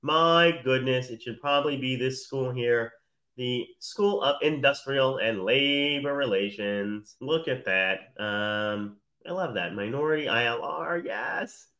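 A man in his thirties hosts a live morning talk show in a loose, rambling monologue. He teases, laughs often, and his voice has a bright, forward edge at an ordinary male pitch. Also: a little slow. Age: 30s.

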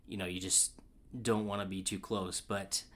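A man co-hosting a casual film chat, excitable and rambling, with lots of fillers and restarts. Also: sits low, moderate pace. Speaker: podcast co-host.

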